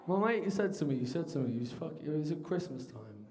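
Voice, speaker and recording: A man's voice: on the high side, lively intonation, quick pace, few pauses, a little mellow, in a large hall. A young man from Birmingham doing a crude, rambling stand-up set with lots of crowd work in a student bar. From Birmingham, England. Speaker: stand-up comedian.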